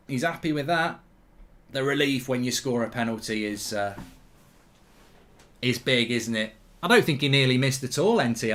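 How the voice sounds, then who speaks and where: A man hosting a live football watchalong stream, commentating excitably, swearing casually and ranting in bursts. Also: medium pitch.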